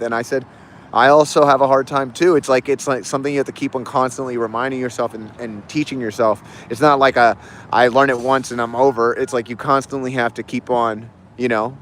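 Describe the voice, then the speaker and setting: Man, livestream host, casual reflective monologue, halting, rambling, mid-pitched, faint street noise. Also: a bit bright. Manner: rambling, halting, many restarts and fillers.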